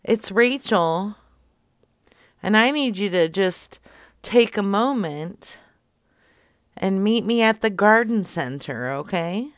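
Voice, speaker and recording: A woman's voice: mid-range voice, animated, slow, pauses often, smooth, no echo, studio quality. A woman streaming live as she makes prank phone calls, teasing and mock-stern with the people she rings.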